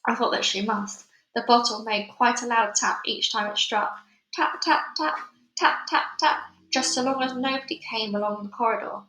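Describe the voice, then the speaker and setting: A woman's voice: on the high side, fairly even intonation, fairly quick, few pauses, pushed and bright, a little hiss or hum. A woman reading a children's novel aloud, then signing off in a chatty way to her listeners. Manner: chatty, informal sign-off. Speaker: storybook reader. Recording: echoey room.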